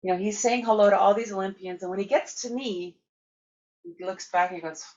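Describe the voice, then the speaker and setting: A woman from Canada giving a conference keynote, telling lively anecdotes with laughter. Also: medium pitch, fairly quick, highs cut off. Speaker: keynote speaker. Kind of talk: storytelling conference talk.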